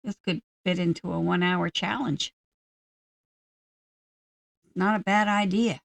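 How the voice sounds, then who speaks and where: A woman giving casual gameplay commentary, musing aloud to herself at an unhurried pace. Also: on the low side, steady tone, vocal fry, no room sound. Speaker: gaming channel host.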